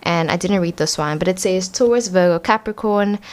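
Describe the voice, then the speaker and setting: A woman's voice: fairly low pitch, moderate pace, darkish tone, clean tone. Chatty young woman giving a tarot reading. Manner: chatty, rambling with many "like" fillers. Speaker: tarot reader. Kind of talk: casual tarot reading vlog. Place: home room.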